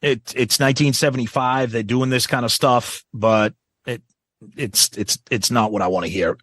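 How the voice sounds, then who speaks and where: A man's voice: medium pitch, fairly even intonation, fairly bright tone, no echo. A man co-hosting a podcast, chatting enthusiastically about a live album, often repeating words as he talks. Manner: enthusiastic, repeats words, quick agreeing interjections. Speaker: podcast co-host. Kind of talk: casual music review chat.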